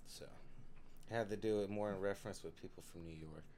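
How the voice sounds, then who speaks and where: A man's voice: low voice, brisk, a little mellow, a little hiss or hum. A man from Tennessee co-hosting a casual live stream chat, laid-back and swearing freely as he laughs along. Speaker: podcast co-host.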